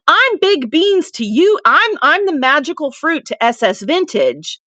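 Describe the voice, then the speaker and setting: A woman's voice: high-pitched, sing-song, measured pace, hardly any pauses, a bit bright, dry recording, lo-fi sound. Chatty woman hosting a livestream. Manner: chatty, reads viewer comments aloud; rambling, laughs easily. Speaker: livestream seller host. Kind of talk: casual livestream chat.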